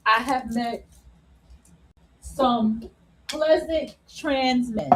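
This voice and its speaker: High-voiced blunt woman ranting. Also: animated, noisy background. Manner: blunt and profane, laughing at her own points; repeats phrases for emphasis, drawing words out slowly. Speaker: host. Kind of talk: unscripted opinion monologue.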